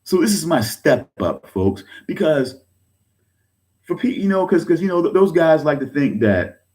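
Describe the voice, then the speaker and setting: A man in his thirties, an online creator, speaks in a sing-song, slightly mellow voice at a moderate pace while ranting heatedly to his viewers on camera. Agitated and profane, he goes over the same points, keeps saying "folks," and his pitch rises sharply when he's angry.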